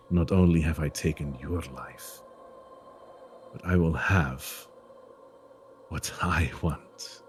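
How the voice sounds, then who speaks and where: A man voicing a cold, possessive vampire lord who speaks slowly and with menace. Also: low voice, breathy edge, pitched below the performer's own voice, full character voice.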